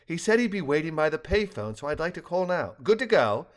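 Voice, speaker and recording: An older man voicing a calm, polite woman coordinating a phone call in a read-aloud story. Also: on the high side, brisk, voice pushed up.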